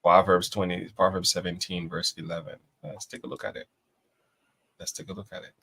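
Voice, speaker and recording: A man's voice: deep voice, fairly even intonation, brisk, gravelly, sharp tone, slightly rough. A man co-hosting a casual reaction chat, agreeable and quoting scripture. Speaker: co-host.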